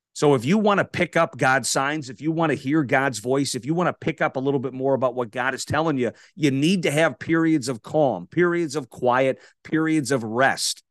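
Brief: male radio host, emphatic motivational faith talk, mid-range pitch, dead-dry booth sound. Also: no room sound. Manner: emphatic, builds lists of repeated rhetorical questions. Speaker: radio host and podcast guest.

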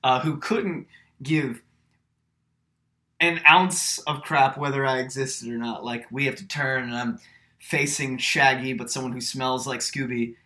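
A young man with a bright, clear voice spins a story in relaxed podcast chat. He is animated and slips into the voices of the people he quotes. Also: medium pitch, unhurried. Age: young adult. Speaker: podcast co-host.

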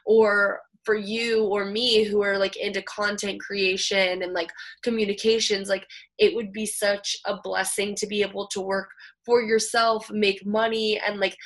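A chatty woman co-hosting a casual podcast, eager for the gossip and quick to laugh. She talks at an unhurried pace in a mid-pitched voice. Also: little pitch movement. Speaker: podcast co-host. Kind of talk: casual chat.

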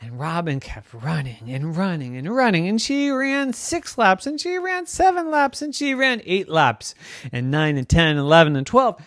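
A storyteller telling a children's bedtime story in a playful, sing-song, animated way. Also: mid-range voice, moderate pace, no echo, clean studio sound.

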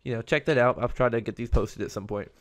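A man's voice: mid-range voice, fast talker. A man hosting his own podcast, talking alone in a rambling, conversational way. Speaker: podcast host. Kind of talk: casual solo podcast monologue.

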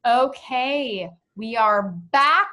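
Woman hosting, upbeat, takes her time, slightly high. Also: extremely slow, over loud music. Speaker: podcast host. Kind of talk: casual chat.

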